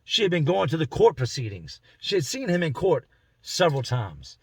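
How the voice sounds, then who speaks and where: A man's voice: on the high side, wildly swooping pitch, normal speed, slightly rough, no room sound. A man telling a story casually in slangy speech from inside a car, acting out the voices of the people in it. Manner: slangy, conversational, acts out the voices in his story. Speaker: vlogger telling a prison story.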